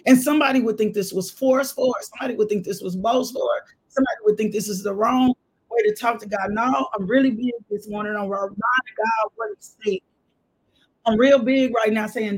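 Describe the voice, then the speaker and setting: Fervent husky woman preaching a devotional. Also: fairly high pitch, lively intonation, brisk, low-quality recording. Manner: fervent, with loud whoops and spoken scripture. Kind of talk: devotional sermon.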